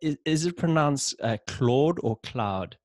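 A man's voice: fairly high pitch, animated, measured pace, darkish tone, no echo, studio quality. A South African man hosting a podcast over a video call, laid-back and chatty, laughing often. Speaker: podcast host. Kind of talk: casual video-call interview.

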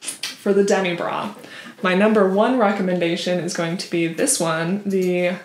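A woman's voice: fairly low pitch, fairly even intonation, normal speed, roomy sound, slight background noise. A woman vlogger chatting casually and with some snark about products, with lots of ums and likes. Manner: chatty and snarky, with many fillers. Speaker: vlogger reviewing bras. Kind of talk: casual chat.

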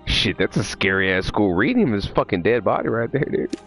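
Very low-voiced, swearing streamer guy. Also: expressive, brisk, music in the background. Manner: loose, profane, jittery, talks to chat. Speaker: livestreamer. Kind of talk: casual live gameplay chat.

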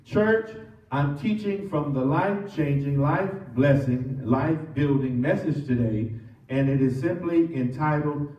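A man's voice: fairly high pitch, a little slow, darkish tone, lo-fi sound. Echoey preaching pastor, man. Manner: preaching, leads the congregation in repeating phrases. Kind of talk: call-and-response sermon. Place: church sanctuary. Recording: echoey church, mic from some distance.

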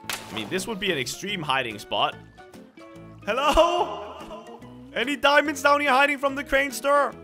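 A young man narrates his gameplay in a dramatic, excitable way. His voice is high and bright, swinging widely in pitch. Faint music plays underneath. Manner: excitable, dramatic, shrieks at scares. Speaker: gaming video host. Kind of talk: gameplay commentary.

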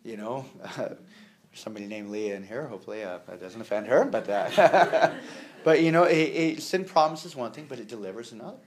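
A man delivering a sermon in a relaxed, conversational way. His voice sits at an ordinary middle pitch. He fills pauses with "you know" and "uh", repeats words as he finds them, and drops in jokes along the way. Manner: conversational, with humor and acted-out quotes; many fillers and repeated words. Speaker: preacher.

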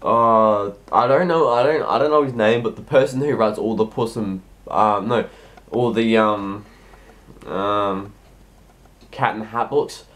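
Casting: teen boy, lowish voice, sick, halting vlog answers full of ums. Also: a bit bright. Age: teens. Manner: rambling, hesitant, heavy with ums and restarts. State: sick, coughing. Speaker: YouTuber answering viewer questions. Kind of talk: casual Q&A vlog.

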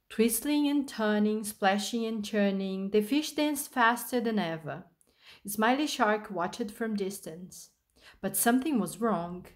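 Woman storyteller, children's picture book; unhurried, sing-song delivery. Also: mid-range voice.

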